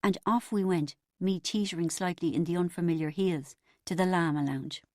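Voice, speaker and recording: A woman's voice: on the low side, moderate pace, no room sound, clean studio sound. Wry woman narrating an audiobook. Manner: wry, lively comic storytelling.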